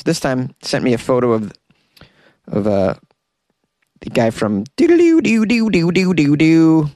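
In a small closet with no room sound, a male podcast host wraps up his show with a casual outro chat. His voice is medium-pitched and darkish, and he rambles loosely, often stumbling, laughing at himself, and breaking into sung impressions.

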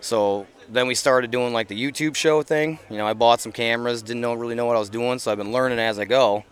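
A man's voice: mid-range voice, steady tone, brisk, clear, resonant tone. A middle-aged man chatting as a podcast guest outdoors, talking earnestly with plenty of fillers and restarts. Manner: earnest, rambling, many fillers. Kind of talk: casual interview chat. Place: outdoors at an event.

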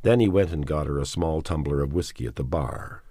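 Male audiobook narrator, very deep, husky, measured dramatic storytelling. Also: dark tone, dry recording, clean studio sound. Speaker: audiobook reader.

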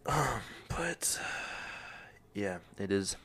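A man's voice: fairly low pitch, animated, drawn-out words, fairly bright tone, slightly rough. A man hosting a personal podcast, talking candidly and emotionally about his struggles, rambling with many fillers and near tears. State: close to tears. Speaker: podcast host. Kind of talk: personal reflective monologue.

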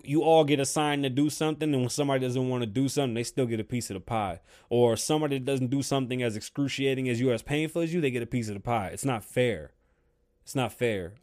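A man hosting his own show, ranting his opinions heatedly and swearing constantly, swinging between loud outbursts and quiet stretches. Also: fairly high pitch. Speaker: show host. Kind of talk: profane opinion rant.

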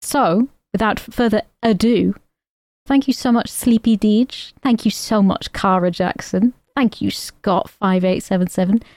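A woman's voice: medium pitch, a little slow, darkish tone, no room sound. A woman co-hosting a casual podcast, giggly as she reads out thanks to supporters. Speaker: podcast co-host. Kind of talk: casual chat.

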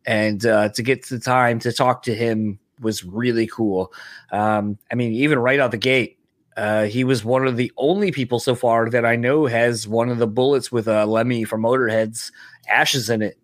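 A man's voice: medium pitch, fairly even intonation, moderate pace, no echo, studio quality. A man co-hosting a podcast in casual chat, loose and profane with lots of fillers. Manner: loose, swearing, many fillers. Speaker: podcast co-host.

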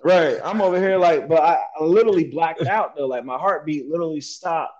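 A man telling a story as a guest in an interview, animated and slangy, mimicking sounds as he relives events. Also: fairly high pitch, a little fast, lo-fi sound. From United States. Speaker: guest, military veteran.

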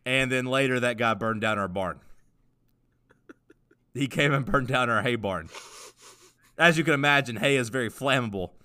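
A man's voice: mid-range voice, normal speed, pauses often, pushed and bright. A man co-hosting a podcast, rambling and joking in casual chat. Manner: rambling, joking, lots of fillers. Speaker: podcast co-host.

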